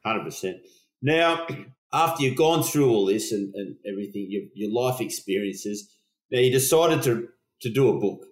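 A man hosting a podcast, chatting casually, agreeing with his guest and asking relaxed open questions. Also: lowish voice, moderate pace. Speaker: podcast host. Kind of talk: casual interview chat. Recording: roomy echo.

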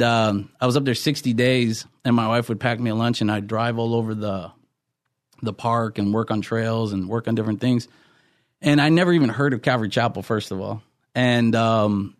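A man's voice: mid-range voice, no echo, clean studio sound. A middle-aged man, a pastor, earnestly telling his life story in a podcast interview, often restarting his sentences.

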